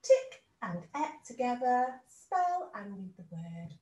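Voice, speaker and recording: A woman teaching a phonics lesson to young children, speaking slowly and clearly in a sing-song teacher voice. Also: on the high side, big pitch swings, a little mellow, roomy sound, poor audio. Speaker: reception class teacher.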